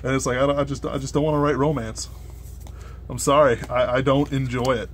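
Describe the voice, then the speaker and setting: A man's voice: medium pitch, level tone, fairly quick, slight background noise. Rambling young man opening card packs. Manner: rambling, filler-heavy, swears when annoyed. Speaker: card unboxing host. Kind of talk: casual rambling chat while opening packs.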